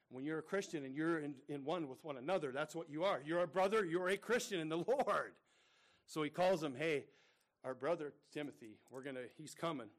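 A middle-aged male pastor preaching a sermon, earnest and full of rhetorical questions, calling his listeners brethren. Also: fairly high pitch.

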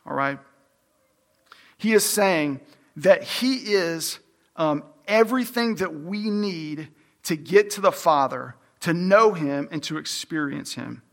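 A man with a high voice preaching a sermon, pressing hard on repeated phrases. His words ring out with the long reverb of a large hall. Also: a bit bright. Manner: emphatic, repeats phrases for stress. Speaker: pastor.

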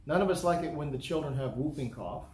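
A fairly high-voiced man from the United States preaches to a congregation, building his points through repeated phrases. His voice rings around an echoey church hall with a faint hiss behind it. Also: expressive, quick pace, darkish tone. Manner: earnest, repetitive preaching with rhetorical lists. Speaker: pastor. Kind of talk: sermon. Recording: echoey room, faint background noise.

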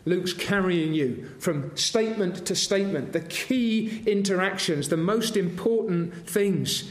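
A man's voice: high voice, a little slow. A man preaching a sermon, earnest and asking his congregation rhetorical questions. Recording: roomy echoing hall.

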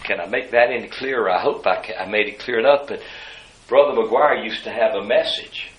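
A man preaching a sermon, moving between hushed asides and loud, high-pitched emphasis. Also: a little fast, reverberant, poor audio. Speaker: pastor.

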